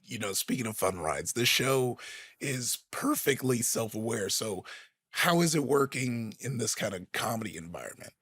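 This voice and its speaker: A man's voice: mid-range voice, lively intonation, normal speed, fairly bright tone, husky, no echo, studio quality. A young man co-hosting a podcast, chatting in a playful, enthusiastic way. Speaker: podcast co-host. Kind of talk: casual chat.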